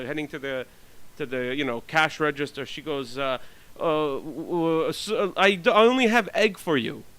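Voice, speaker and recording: A man's voice: medium pitch, pushed and bright, clear, resonant tone, rough recording. A man telling rambling stories in a blunt, profane monologue, full of fillers and restarts. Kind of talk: ranting storytelling monologue.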